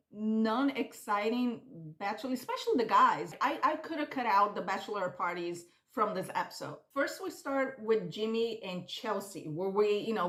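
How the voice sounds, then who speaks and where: Woman ranting about a reality show, bit high voice, acts out the quotes, echoey room. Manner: animated, opinionated, acts out quotes. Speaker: YouTube reality TV commentator. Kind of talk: casual chat.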